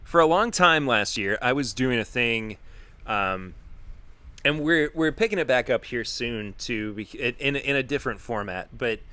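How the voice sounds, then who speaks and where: A man's voice: mid-range voice, expressive, measured pace, pushed and bright, clean tone. A man hosting a live-streamed podcast, chatting in a casual, upbeat way and thanking his viewers. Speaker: podcast host.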